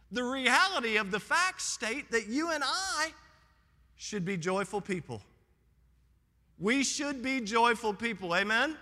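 High, bright-voiced fervent preacher man. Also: in a large hall. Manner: fervent preaching, rising to shouts and calling out to the congregation. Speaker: pastor. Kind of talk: sermon.

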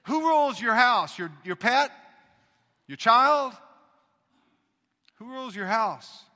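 A man preaching a sermon as pastor, talking conversationally and swinging between loud emphasis and hushed asides. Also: very high voice, lively intonation, slow, long reverb tail.

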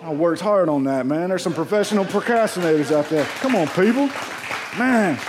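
A high-voiced man preaching a sermon. He talks to the congregation like friends, jokes a lot and keeps asking the room questions. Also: expressive, brisk, crowd noise, noisy background. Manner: conversational and joking, calls out to the congregation. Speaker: pastor. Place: church auditorium.

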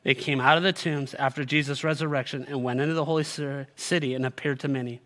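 In a steady, medium-pitched voice, a male pastor delivers a sermon and reads passages of scripture aloud. His delivery moves from loud, climbing exhortation to a quiet, slow ending.

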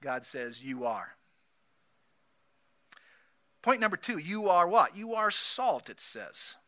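A man preaching a sermon, repeating key phrases emphatically and swinging between loud declarations and soft asides. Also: sits high, very animated, unhurried. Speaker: pastor.

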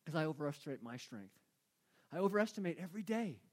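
High-voiced male preacher, emphatic. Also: big pitch swings, quick pace. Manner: conversational, emphatic, repeats key phrases. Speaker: pastor. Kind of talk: sermon.

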